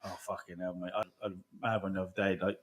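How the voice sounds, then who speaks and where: Fast-talking man, casual and sweary. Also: deep voice, little pitch movement. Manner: swears often, rambling, frequent "do you know what I mean". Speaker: podcast host. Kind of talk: casual chat.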